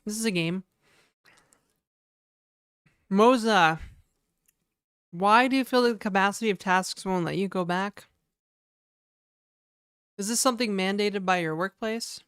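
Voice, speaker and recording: A woman's voice: medium pitch, measured pace, pauses often, a bit bright, clear, resonant tone, no echo, studio quality. A young woman live-coding on a stream, chatting casually and wryly with viewers and answering their comments. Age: young adult. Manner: offhand and wry, talking straight to viewers.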